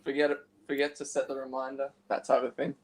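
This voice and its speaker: A man joining a livestream as a guest, speaking in a mild, soft-spoken way. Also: mid-range voice, little pitch movement, fast, a crowd in the background. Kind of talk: casual chat.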